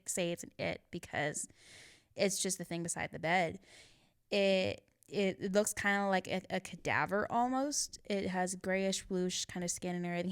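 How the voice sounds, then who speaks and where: A woman speaks as a podcast guest in a loose, unguarded way. She swears freely and laughs often. Her voice sits at an ordinary middle pitch for a woman. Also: smooth. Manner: candid, profane, laughs often. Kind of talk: casual chat.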